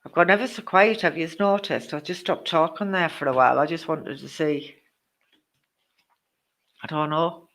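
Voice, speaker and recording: A woman's voice: low voice, moderate pace, pauses often, a bit bright. Chatty woman card reader. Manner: chatty, teasing viewers, many ums. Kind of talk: live-stream card reading.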